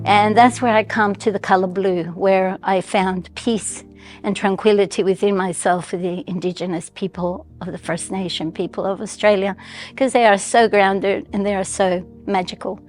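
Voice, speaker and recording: A woman's voice: mid-range voice, fairly even intonation, darkish tone, faint music behind. A woman in her sixties from Colombia, with a Colombian Spanish accent touched by a slight American twang, telling her life story in a reflective, heartfelt way. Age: 60s. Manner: reflective, heartfelt, with thoughtful pauses and restarts. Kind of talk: personal storytelling.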